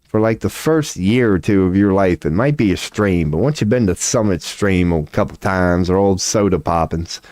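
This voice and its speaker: A man's voice: deep voice, moderate pace, a little mellow, no room sound, studio quality. A man, rambling casually on a stream at home, profane and self-mocking. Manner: profane, laid-back, self-mocking with frequent laughs.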